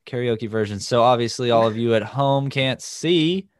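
A man hosting a casual online impressions game, upbeat and quick to laugh as he announces turns and points. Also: mid-range voice, no echo, clean studio sound. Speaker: game host.

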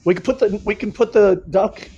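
A man's voice: sits high, brisk, mellow, muffled recording, a little hiss or hum. A man co-hosting a casual podcast in a joking, teasing manner. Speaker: podcast co-host.

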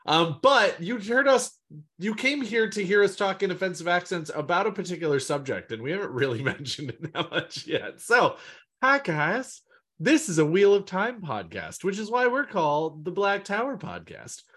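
A man's voice: high voice, very animated, moderate pace, a bit bright. A man hosting a casual podcast, talking in a rambling, easygoing way. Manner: rambling, with fillers and laughs. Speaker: podcast host.

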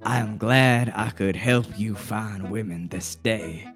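A narrator voicing a flirtatious male cowboy gunslinger, speaking in a slow, low, gallant drawl. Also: faint music behind.

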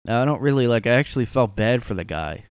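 A man's voice: medium pitch, expressive, fast talker, clean tone, no room sound. A young man hosting a casual solo podcast from his room, rambling and sarcastic with lots of fillers. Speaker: podcast host.

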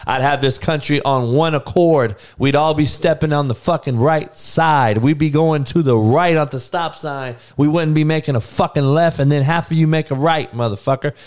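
A man's voice: on the high side, moderate pace, few pauses, darkish tone, clear, resonant tone. A man hosting a podcast, ranting casually and profanely to his audience with frequent laughing asides. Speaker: podcast host.

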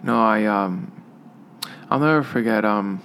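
A man co-hosting a casual podcast, telling stories with halting restarts. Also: lowish voice, a bit bright, slight background noise. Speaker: podcast co-host. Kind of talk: casual chat.

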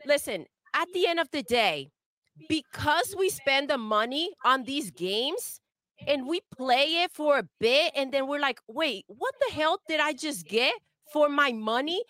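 A woman's voice: high-pitched, lively intonation, measured pace, fairly bright tone, dry recording, clean studio sound. A woman co-hosting a gaming talk stream, ranting in a fiery, profane, emphatic way. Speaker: co-host. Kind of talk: heated gaming rant.

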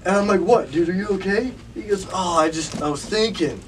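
Lively laughing man, far from mic. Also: sits high, a little fast, slight background noise. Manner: animated storyteller, laughs a lot. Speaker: podcast host. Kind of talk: casual chat. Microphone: camera mic. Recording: distant camera audio.

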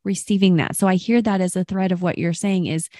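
A woman's voice: on the low side, steady tone, a little fast, dark tone, dry recording, clean studio sound. A woman hosting a faith conversation, reflecting back and affirming what her guest shares. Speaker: host.

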